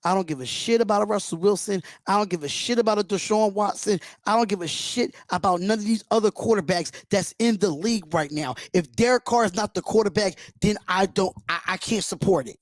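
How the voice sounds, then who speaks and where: On his emotional fan reaction stream, a high-voiced man talks a little fast with few pauses, blunt and passionate and swearing freely. The recording is dry and cleanly studio-produced.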